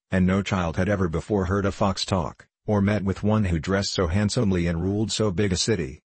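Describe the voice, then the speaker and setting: A man narrating a children's storybook in a steady audiobook reading. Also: deep voice, slightly rough, no room sound.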